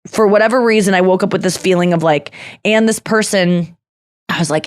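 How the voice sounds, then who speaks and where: A woman hosting a podcast in casual chat, candid and confessional, talking quickly with laughs and nursing an irritated throat. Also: fairly low pitch, dry recording, clean studio sound. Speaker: podcast host.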